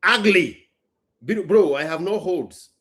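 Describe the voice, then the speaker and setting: A man's voice: high-pitched, slow pace, fairly bright tone. A man, a business owner hosting a casual chat, telling a story emphatically and bluntly. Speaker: business owner and show host.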